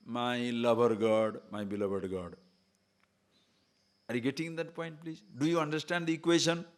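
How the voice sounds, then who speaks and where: A man's voice: medium pitch, steady tone, normal speed. A male spiritual teacher giving a lecture on scripture. He talks earnestly, builds points in lists and keeps telling listeners to listen carefully.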